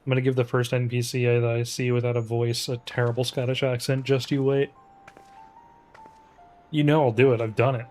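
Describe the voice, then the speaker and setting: A man chatting casually with friends over a game. He keeps cracking jokes and laughing. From time to time he reads on-screen story text aloud, at a mid pitch. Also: little pitch movement, a little fast, a little mellow, faint music behind. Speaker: streamer playing an online game with friends. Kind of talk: casual gameplay chat.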